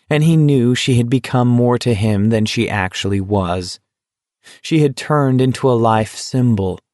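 A man reading an audiobook in a steady, measured way. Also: medium pitch, dry recording, clean studio sound. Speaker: audiobook narrator. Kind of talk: audiobook narration.

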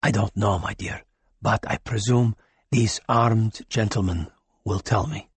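A man voicing a courtly, composed alien male doctor who speaks softly to patients and formally to intruders. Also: fairly low pitch, steady tone, a little slow, husky, dry recording, pitched below the performer's own voice. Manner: soft and soothing to patients, sharp when ordering.

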